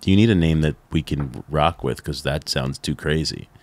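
A middle-aged man, a podcast guest, telling stories in a casual interview, animated and laughing, with lots of "like" fillers. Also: extremely low pitch, moderate pace, no room sound.

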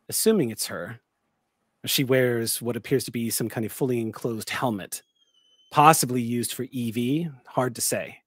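A man as game master, narrating a tabletop game with vivid, deliberate description. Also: mid-range voice, fairly bright tone, no echo, studio quality.

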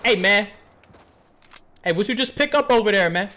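A man streaming a video game, chatting in a slangy, animated way to himself and his viewers. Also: high voice, normal speed. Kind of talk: casual gameplay commentary.

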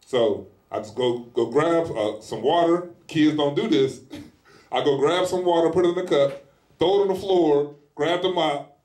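A man preaching a sermon in a casual, animated style, acting out little scenes as he goes. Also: fairly high pitch, unhurried, roomy sound. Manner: animated, acts out scenes in lively voices; speaks in informal colloquial style. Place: church hall.

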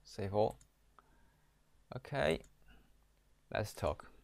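Slow, measured man teaching code. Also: on the low side, animated, a little mellow, a little hiss or hum. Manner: slow, repeats "okay", reads code aloud. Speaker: programming teacher. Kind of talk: screen-recorded coding tutorial.

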